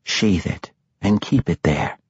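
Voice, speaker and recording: A man's voice: mid-range voice, animated, extremely slow, husky, no room sound, dull audio, pitched above the performer's own voice, heavily acted. A man voicing a scornful matron mother. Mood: cold, quiet. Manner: sharp, spiteful, cold. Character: imperious, contemptuous dark elf matron mother woman.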